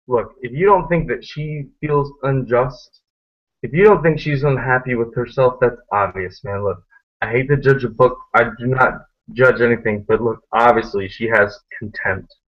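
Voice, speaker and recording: A man's voice: medium pitch, moderate pace. A man hosting a casual online group chat, making his points emphatically and repeating them, often tagging "man" on the end. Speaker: host of an online hangout. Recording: muffled lo-fi web call audio.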